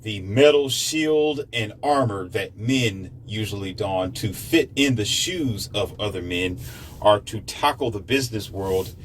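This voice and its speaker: A man's voice: lowish voice, animated, measured pace, slight background noise. A man delivering a preachy opinion monologue to his listeners. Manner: lecturing, preachy, addresses listeners. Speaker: commentator.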